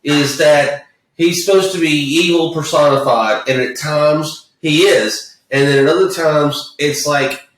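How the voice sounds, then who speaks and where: A man's voice: on the high side, a little slow, fairly bright tone. A man co-hosting a podcast, talking casually about a movie in a rambling, profane way full of restarts. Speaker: podcast co-host. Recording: echoey room, distant mic.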